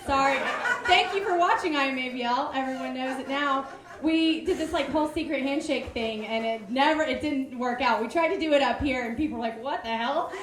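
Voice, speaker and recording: A woman hosting a live comedy show on stage, bubbly, excitable and self-mocking. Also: high-pitched, a little fast, roomy sound.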